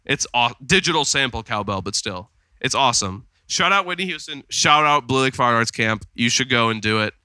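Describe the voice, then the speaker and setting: A man's voice: mid-range voice, expressive, fairly quick, few pauses, pushed and bright, clear, resonant tone, dry recording. A man co-hosting a podcast in casual chat, rambling through stories with lots of fillers. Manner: rambling storyteller with many fillers. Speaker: podcast co-host. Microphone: studio podcast mic.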